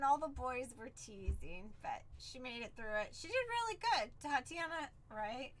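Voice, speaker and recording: A woman chats away as a stream host, bubbly and quick to act out everyone's lines. Her voice sits high and bright. She sounds like she's talking to friends. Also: lively intonation. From San Diego, Southern California. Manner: bubbly, chatty storyteller who acts out quotes. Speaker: livestream card break host. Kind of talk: casual live-stream chat.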